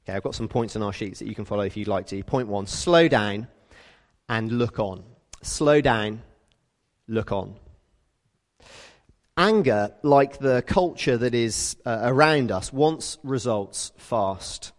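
A British man giving a conversational sermon, telling stories in a lively way and acting out the people in them. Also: medium pitch, moderate pace, big-room sound. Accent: British English. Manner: lively storytelling, acts out quoted people. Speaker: preacher.

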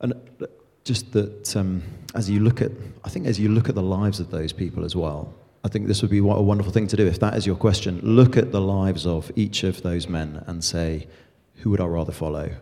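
Deep mellow man, hall echo. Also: fairly even intonation, a little fast. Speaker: interviewer posing questions. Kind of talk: conversational Q&A. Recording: long hall reverb.

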